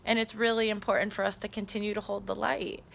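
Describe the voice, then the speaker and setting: A woman's voice: mid-range voice, level tone, quick pace, creaky, a bit bright, slight background noise. A woman recording a casual spiritual vlog on her phone out on a trail, speaking in an earnest, heartfelt way. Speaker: spiritual channeler. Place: outdoors on a trail.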